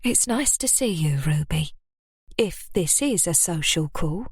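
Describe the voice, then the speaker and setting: A woman voicing a cautious, kindly middle-aged mother who speaks softly and carefully. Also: medium pitch, lively intonation, unhurried, dry recording, clean studio sound, voice pushed up, natural voice. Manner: careful, soft, hopeful.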